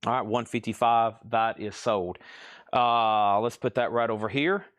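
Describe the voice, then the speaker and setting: A man hosting a live record sale, briskly rattling off titles and prices, and he is out of breath. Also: on the low side, fairly bright tone, no echo. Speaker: host selling vinyl records live. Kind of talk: live auction calling.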